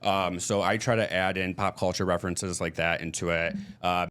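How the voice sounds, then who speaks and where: Midwestern man, low voice, candid talkative podcast guest. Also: fairly even intonation, normal speed, a bit bright, clean tone. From Michigan. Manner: candid, chatty storytelling. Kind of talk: casual chat.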